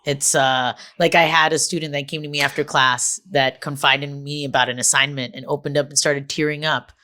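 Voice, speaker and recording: A young adult American woman, a comedian guest in a casual podcast chat, candid and expressive, moving between earnest and playful. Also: sits low, fairly quick. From United States.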